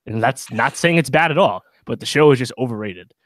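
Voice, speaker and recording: A man's voice: mid-range voice, lively intonation, a little fast, dry recording. A man co-hosting a podcast in casual chat, rambling with many fillers and restarts. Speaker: podcast co-host.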